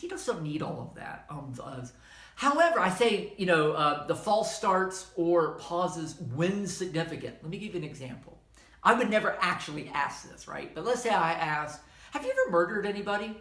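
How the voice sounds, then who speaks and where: A middle-aged man with a Southern American accent giving an informal, conversational history lecture, correcting himself as he goes. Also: a little high. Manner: conversational, self-correcting, animated asides. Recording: echoey room.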